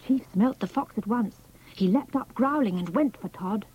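A woman narrating a children's storybook in a measured, expressive reading. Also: a little high, breathy edge, highs cut off.

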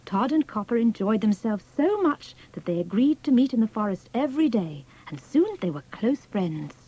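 A woman with a husky, slightly higher voice reads a children's story aloud in a measured, expressive way. Her tone is dark and mellow, and the recording sounds dull and lo-fi. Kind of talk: scripted narration of a children's story.

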